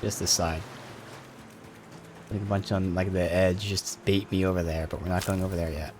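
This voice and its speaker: A man's voice: sits low, little pitch movement, normal speed, noisy background. A man with a Philadelphia accent giving chatty, offhand let's-play commentary at his desk mic, swearing casually. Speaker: gameplay commentator.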